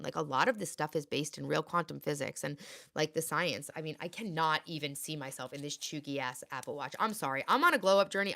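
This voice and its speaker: A woman in her late thirties hosts a relaxed livestream, chatting and rambling while reading viewer comments out loud. Her voice is deep with a fairly bright tone.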